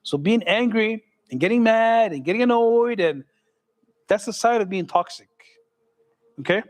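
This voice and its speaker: A man's voice: high voice, normal speed. A middle-aged man, an imam, giving a casual, joking sermon in a mosque hall and putting questions to the audience.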